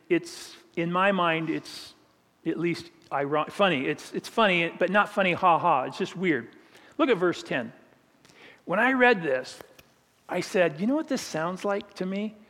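A man's voice: on the high side, long reverb tail. A man preaching a sermon in a conversational way, with humorous asides.

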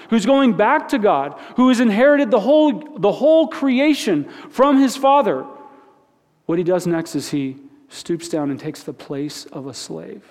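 A man preaching a conversational sermon in a church, talking informally, repeating words and asking the listeners questions. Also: high voice. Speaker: pastor. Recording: long reverb of a large hall.

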